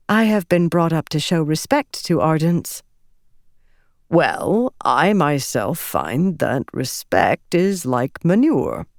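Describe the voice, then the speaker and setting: A woman voicing a friendly, cultured young male priest with a faint Herdazian accent, gently joking. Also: sits low, no echo, clean studio sound, full character voice.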